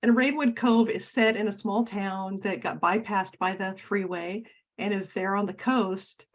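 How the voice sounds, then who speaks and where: A woman's voice: mid-range voice, fairly even intonation, normal speed. A woman from Oregon, a guest author talking casually in an interview over a video call, chatty and reminiscing with many fillers and restarts.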